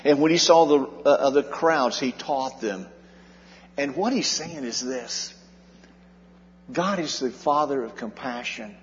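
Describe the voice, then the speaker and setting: A man's voice: medium pitch, unhurried, a little hiss or hum. Preaching man in an echoing hall. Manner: earnest preaching, rising and dropping in volume for emphasis. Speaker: pastor. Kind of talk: sermon. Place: church sanctuary. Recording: dull sound in a long-reverb hall.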